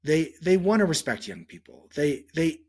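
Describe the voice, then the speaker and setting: A male psychologist answering interview questions on a podcast, telling stories and acting out quotes with sudden pitch jumps. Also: normal speed, breathy edge. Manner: animated storytelling, acts out quotes with pitch jumps. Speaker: psychologist guest.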